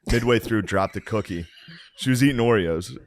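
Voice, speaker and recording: A man's voice: lowish voice, normal speed. A man telling family stories in casual comedic chat, swearing often and jumping into other people's voices. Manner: animated, swears a lot, acts out family voices. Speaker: comedian guest.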